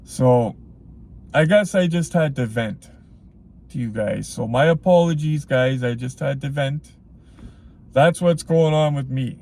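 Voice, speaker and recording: A man's voice: mid-range voice, a little slow, gravelly, long pauses, darkish tone. A man talking straight to his viewers in a casual vlog, blunt and rambling, full of "like" and "you know what I mean". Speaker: collectibles vlogger.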